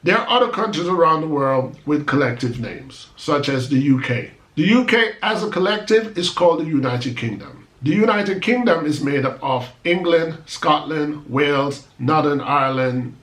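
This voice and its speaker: A man delivers an emphatic, argumentative monologue to his channel's viewers and brushes off critics with rhetorical asides. His voice sits a little high for a man. The sound bounces around a roomy space. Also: expressive, normal speed, hardly any pauses, a bit bright. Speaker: channel host. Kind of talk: opinion monologue to camera.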